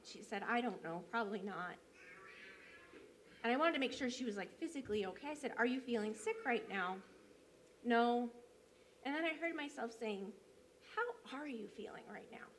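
A fairly high-voiced woman preaches as a church elder. She tells her story in an easy, conversational way, with plenty of ums and small restarts. A faint hum of room noise sits under her voice. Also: expressive, normal speed, long pauses. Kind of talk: sermon.

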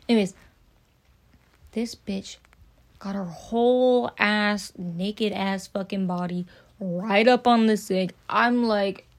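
A woman's voice: medium pitch, dry recording. A young woman telling rambling, profane work anecdotes in casual storytelling. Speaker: podcast host.

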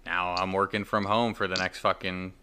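A man's voice: low-pitched, flat delivery, normal speed, pushed and bright, a little hiss or hum. A man hosting a podcast in casual chat, blunt and swearing freely, with a laugh. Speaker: podcast host.

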